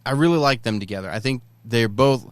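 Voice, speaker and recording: A middle-aged man co-hosting a casual podcast, talking like an excited fan and jumping into quoted lines. His voice is smooth and resonant. The recording is dry and close. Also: mid-range voice, brisk, no room sound. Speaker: podcast co-host. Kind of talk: casual chat.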